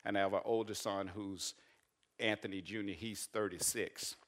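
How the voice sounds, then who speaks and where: A man, a pastor preaching and telling a personal story, rising to loud emphatic peaks. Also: on the low side, steady tone, normal speed. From Arkansas. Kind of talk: sermon.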